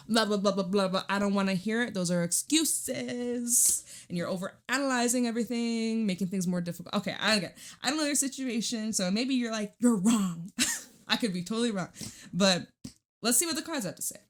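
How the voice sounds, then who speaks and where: A woman's voice: mid-range voice, brisk. A woman giving a casual tarot reading at home into a microphone, chatty and blunt, swearing and laughing often. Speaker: tarot reader. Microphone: studio microphone.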